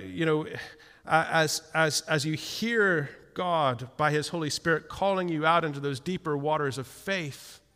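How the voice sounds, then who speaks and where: A man preaching a sermon, his voice bright and a little high for a man. He tells the story with animated asides and frequent stammered restarts. The sound rings with a long reverb, as in a church hall.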